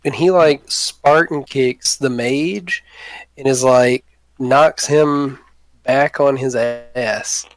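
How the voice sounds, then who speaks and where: A man's voice: medium pitch, steady tone, very slow, dry recording. A man running a tabletop game, narrating casually with many fillers. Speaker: game master.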